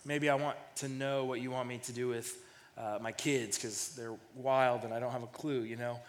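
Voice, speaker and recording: A man's voice: medium pitch, little pitch movement, normal speed, in a large hall. A man in his thirties preaching a sermon in a casual storytelling way, often repeating the first words of a phrase. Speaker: pastor.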